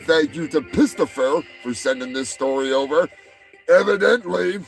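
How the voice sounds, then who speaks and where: A man's voice: a little high, slightly rough. A man hosting a comedy show, delivering a rambling, crude monologue and stumbling over words. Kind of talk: profane comic monologue.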